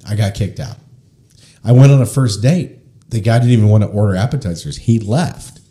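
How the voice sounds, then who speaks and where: A man's voice: on the low side, normal speed, mellow, natural voice. Dude doing a whiny lonely lady patient, kinda pleading. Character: lonely fretful woman patient.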